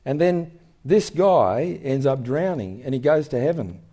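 Older aussie guy telling stories on stage, kinda dark mellow tone, acts out the voices. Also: medium pitch, measured pace. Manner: animated storyteller, acts out voices in anecdotes. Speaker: guest speaker. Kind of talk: conversational interview on stage.

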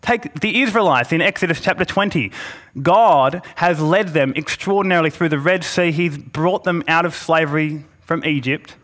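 Male preacher delivering a sermon; earnest, deliberate emphasis, slightly high-pitched. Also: a bit bright. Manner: earnest, slows for emphasis and reads scripture aloud.

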